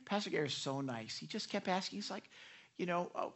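A man preaching a sermon as pastor, animated and acting out the people in his stories. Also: high-pitched, brisk. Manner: animated, acts out quoted people.

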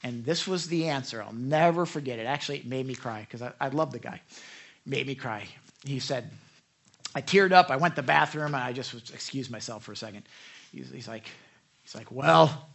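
A man preaching a sermon as pastor, animated and acting out the people in his stories. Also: medium pitch, brisk, vocal fry. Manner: animated, acts out quoted people.

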